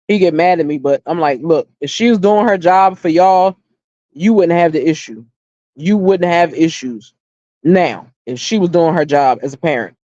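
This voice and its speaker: A middle-aged woman with a low, warm voice hosts a relaxed livestream chat, storytelling in a blunt, opinionated style with free swearing and emphatic repetition. The audio has no echo and a lo-fi quality.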